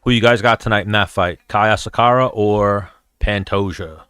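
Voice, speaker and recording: A man's voice: on the low side, steady tone, moderate pace, a bit bright, clear, resonant tone, dry recording, clean studio sound. A man hosting his show, chatting casually and profanely as he reacts and tells stories. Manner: profane, storytelling. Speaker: show host.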